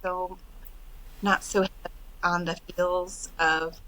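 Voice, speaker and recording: A middle-aged woman talks casually on a podcast about the retreats she runs. Her voice is bright and clear, and she tells her stories in an animated way. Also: medium pitch, moderate pace, poor audio. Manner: animated storytelling, quotes others in lively voices. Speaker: podcast guest, retreat organizer. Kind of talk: casual interview chat.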